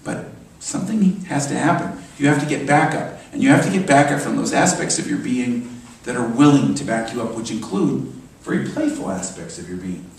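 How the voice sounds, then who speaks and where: A man's voice: medium pitch, normal speed, gravelly, a little hiss or hum. Man preaching in an echoey church. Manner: animated, emphatic preaching with repetitions. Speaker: minister. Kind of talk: sermon. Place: church sanctuary. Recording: echoey church hall from far off.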